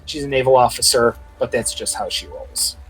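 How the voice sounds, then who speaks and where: A man's voice: mid-range voice, moderate pace, breathy edge, faint music behind, low-quality recording. A man narrating a tabletop game as game master, rambling and full of filler words.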